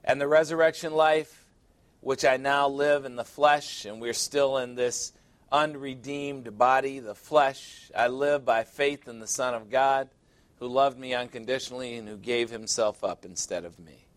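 A man's voice: medium pitch, fairly even intonation, unhurried. A man pastor preaching an emphatic sermon, reading scripture aloud, commenting on it and speaking directly to his congregation.

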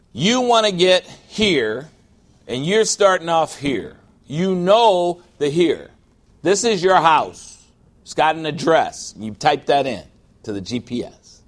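A man preaching to a congregation with a slightly higher voice than most men. His delivery is conversational and lively, and he stops to ask the room for an amen. He drops into short impressions of people without leaving the sermon. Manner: conversational preaching, mimics whiny believers, asks for amens. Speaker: pastor.

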